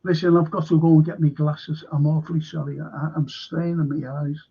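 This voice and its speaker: Gravelly high-voiced Liverpool man. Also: level tone, fairly quick, mellow, muffled recording. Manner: rambling, chatty, anecdotal. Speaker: livestream host. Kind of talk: casual chat reading viewer comments.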